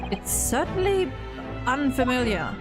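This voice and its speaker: An earnest, nervous young male law student, spoken slowly and with wonder by a woman reading game dialogue aloud. The voice sits a little high. Game music plays clearly underneath. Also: big pitch swings. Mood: unsure. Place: home room. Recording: game music playing behind.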